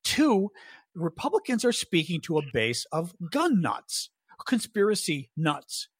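A fired-up male podcast host arguing politics in casual chat, his voice pitched high and a little husky. The sound is dry and close, with almost no room around it. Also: wildly swooping pitch, unhurried, no room sound. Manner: heated, emphatic, swears for stress.

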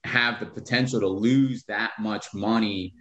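A man's voice: on the low side, steady tone, a little slow, fairly bright tone, echoey room, dull audio. A man who is a real estate investor, talking bluntly with profanity as a podcast guest. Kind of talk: podcast interview.

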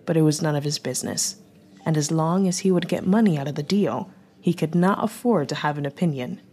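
Low-voiced woman narrating a story. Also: dark tone, slightly rough. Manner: measured storytelling. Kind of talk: audiobook narration. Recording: faint music bed.

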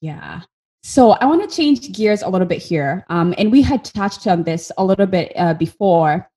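A woman's voice: mid-range voice, animated, normal speed, warm tone. Earnest Kenyan woman host. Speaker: podcast host. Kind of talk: casual conversation.

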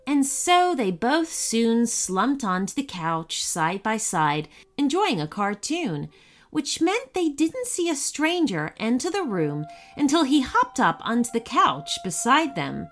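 A woman narrating a children's story in a scripted read. Her voice sits fairly high and moves lively up and down as she tells it with plenty of expression. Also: takes it slowly.

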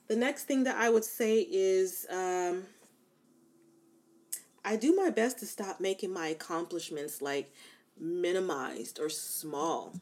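A young adult woman talking casually to her viewers, giving self-love advice in an animated, emphatic way, with lots of "like" and "you know.". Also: mid-range voice. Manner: conversational, many fillers like "like" and "you know". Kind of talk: casual motivational talk to camera.

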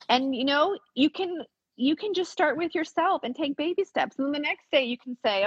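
A woman's voice: high-pitched, animated, normal speed, no room sound. A woman explaining a forgiveness practice in casual podcast chat, earnest and frank, swearing now and then. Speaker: spiritual teacher. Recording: dull lo-fi recording.

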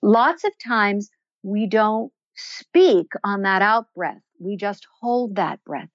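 A woman answering interview questions as a voice and performance coach, explaining in a measured, instructive way. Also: mid-range voice, lively intonation, no echo, muffled recording. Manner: measured, instructive, slows to stress points.

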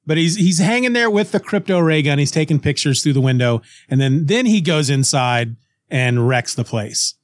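Animated storytelling man, dry close sound. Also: a little high, moderate pace, no echo. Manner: animated retelling, acts out characters' lines, frequent restarts. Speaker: podcast co-host. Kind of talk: casual chat retelling a comic story.

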